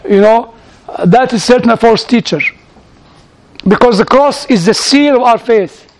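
A man's voice: extremely high pitch, normal speed, a little mellow, slight background noise. A man with a foreign accent answering questions from a church audience, telling anecdotes with repeated words and chuckles. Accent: foreign accent in English. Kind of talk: informal Q&A teaching.

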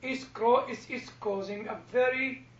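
A man's voice: extremely high pitch, fairly even intonation, unhurried, a bit bright. A man with a first language other than English, talking in a casual group discussion and often repeating words as he starts a thought. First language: not English. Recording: echoey room, dull lo-fi sound.

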